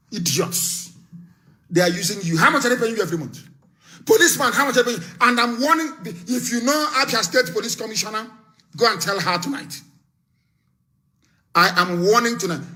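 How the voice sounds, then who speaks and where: A Nigerian man speaks in a high, bright voice on a live broadcast. His delivery is fiery and forceful, and he hammers home repeated warnings and threats. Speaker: political activist broadcaster. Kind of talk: live radio broadcast speech.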